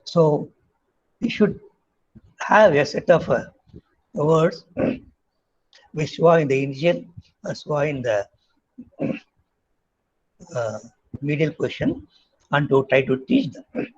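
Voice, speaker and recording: A man with an Indian English accent lectures on phonetics at a slow, deliberate pace, his voice husky and a little breathy. He stops often on fillers and says example sounds aloud, and the recording sounds dull and lo-fi. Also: a little high, lively intonation, darkish tone. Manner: halting, many fillers, models sounds aloud.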